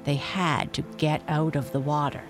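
A storyteller reading a bedtime story aloud in a calm, measured way. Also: mid-range voice, music in the background.

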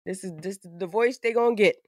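A woman co-hosting a podcast in a hoarse morning voice, brash and profane, laughing often in casual chat. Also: mid-range voice, fast talker, no room sound, studio quality. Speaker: podcast co-host.

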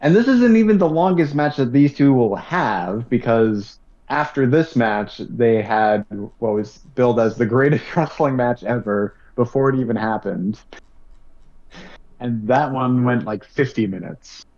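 A man co-hosting a casual wrestling podcast, recapping matches in a measured way from his notes. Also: mid-range voice, a little mellow, highs cut off. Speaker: podcast co-host.

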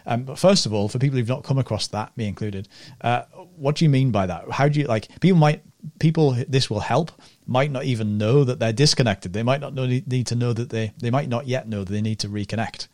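Male podcast host, rapid enthusiastic delivery, dry close-miked sound. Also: mid-range voice, darkish tone, no room sound. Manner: fast, rambling, enthusiastic with restarts. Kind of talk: interview podcast chat.

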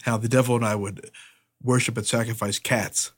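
A man co-hosting a podcast, telling old wrestling stories in a profane, animated way and imitating other people as he goes. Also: medium pitch, moderate pace, husky. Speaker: podcast co-host, former wrestler. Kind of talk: casual storytelling chat.

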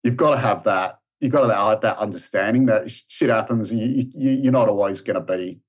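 Rambling Australian man, lowish voice. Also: a little fast, husky. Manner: rambling storyteller with many restarts and fillers. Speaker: podcast guest, strength and conditioning coach. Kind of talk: casual interview chat.

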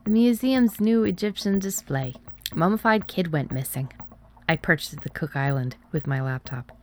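A woman playing a dry, calm husband. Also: deep voice, moderate pace. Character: Irish-rooted husband, former sniper, calm, wry man.

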